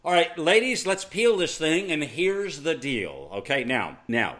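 A man hosting a talk radio show, teasing his co-host in playful banter. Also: fairly high pitch. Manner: teasing, animated, drawn-out.

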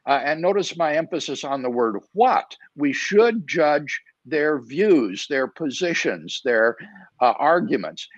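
A man being interviewed as a guest author over a video call, answering in a measured, deliberate way with frequent "uh" fillers. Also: medium pitch, big pitch swings, no echo. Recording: dull, dry video-call audio.

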